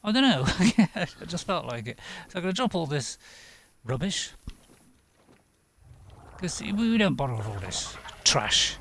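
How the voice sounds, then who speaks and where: A man streams a game in a loose, rambling chat, often answering his own questions with a chuckle. His voice sits a little high for a man and swings up and down a lot. It has a gravelly edge throughout. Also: very animated, a little slow, a bit bright, slight background noise. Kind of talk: casual gameplay commentary.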